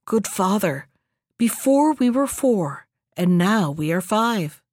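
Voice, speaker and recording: A woman's voice: a little high, sing-song, measured pace, no echo. Storybook youth, earnest and eager, a woman reading it in a dry, close voice. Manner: eager, pleading. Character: earnest kind-hearted young man.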